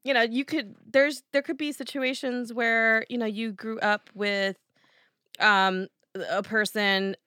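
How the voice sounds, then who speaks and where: A woman with a New Jersey accent talks casually as a podcast co-host, her voice bright and forceful. She thinks out loud, circling back with lots of "you know." The sound is dry and close, with no room echo. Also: fairly high pitch, steady tone, takes it slowly, smooth. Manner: chatty, thinks aloud with many "you know" fillers. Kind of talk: casual chat.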